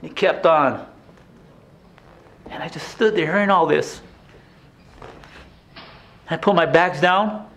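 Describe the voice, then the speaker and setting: An actor playing a grown man reliving his abusive childhood in a theatrical stage monologue, swinging between hushed and shouting. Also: fairly high pitch, slow, long pauses, a little hiss or hum. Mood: haunted. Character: grown man, former abused son, intense and haunted.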